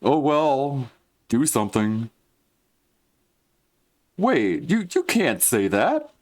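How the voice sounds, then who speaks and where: A man's voice: huge pitch swings, very slow, darkish tone, exaggerated voice. A man doing an impression of a petulant, whiny man with a heavily nasal voice. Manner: raised, whining pitch.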